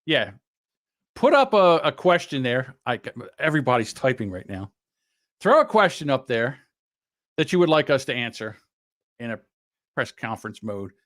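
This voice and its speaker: A man's voice: mid-range voice, big pitch swings, normal speed, long pauses, fairly bright tone. A man hosting a podcast, giving blunt, rambling commentary in casual chat. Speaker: podcast host.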